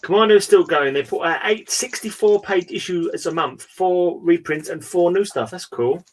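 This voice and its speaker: A man's voice: high-pitched, moderate pace. A man hosting a casual online hangout, chatting and rambling as he flips through items. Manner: rambling, chatty, trails off and restarts. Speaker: podcast host. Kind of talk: casual chat. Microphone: video call hangout.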